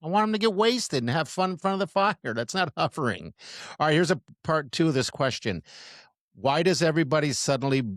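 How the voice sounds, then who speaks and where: A man's voice: on the high side, expressive, fairly quick, a bit bright, no room sound, clean studio sound. A middle-aged man co-hosting a podcast, chatting casually, rambling with frequent restarts and laughs. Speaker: podcast co-host. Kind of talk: casual chat.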